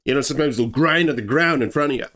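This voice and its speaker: A man's voice: medium pitch, rapid-fire. A man telling a true horror story in a casual, rambling way, full of asides. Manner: rambling, conversational, digresses often; shouts acted quotes in a raised voice.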